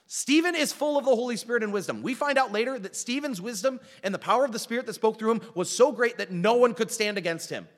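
A man preaching a sermon as a pastor, animated and full of rhetorical questions, with wry self-deprecating asides. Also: very high voice, fast talker, hardly any pauses. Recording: long reverb of a large hall.

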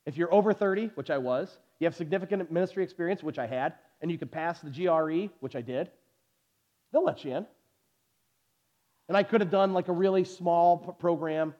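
A pastor in his forties preaching a sermon in a church, telling stories with animated energy and then dropping to soft, intense delivery. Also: high voice, dull audio. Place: church sanctuary.

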